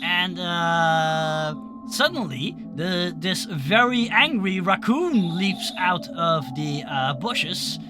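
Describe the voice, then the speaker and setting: A man's voice: high-pitched, expressive, slow, music in the background. A man narrating as game master of a tabletop game, upbeat and laughing often.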